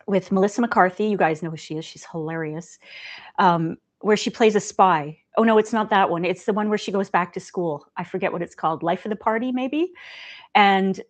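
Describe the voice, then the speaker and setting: A woman hosting a casual livestream, talking in a gentle, chatty way and laughing often. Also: mid-range voice. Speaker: livestream host.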